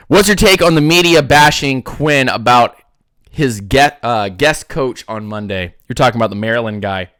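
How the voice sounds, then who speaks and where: A man's voice: medium pitch, moderate pace, no echo, clean studio sound. A man hosting a casual sports talk show, ranting with lots of restarts. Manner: animated ranting, frequent restarts. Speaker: podcast host.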